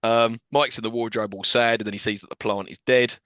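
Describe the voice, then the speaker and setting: A man's voice: on the low side, fairly even intonation, brisk, fairly bright tone, no echo. A man co-hosting a podcast, casually retelling a film's plot and acting out the characters' lines. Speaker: podcast co-host. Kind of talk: casual film-recap chat.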